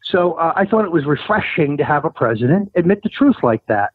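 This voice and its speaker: A man as a political guest on a phone interview, talking in an emphatic, combative way and climbing to insistent highs. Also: very animated, fairly quick, slightly rough, dry recording. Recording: tinny phone line, dry.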